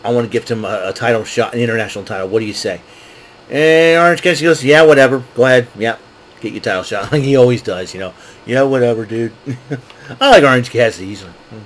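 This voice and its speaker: A man hosting a casual wrestling recap show, excitable and laughing often as he acts out what wrestlers said. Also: medium pitch, fast. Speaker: wrestling podcast host.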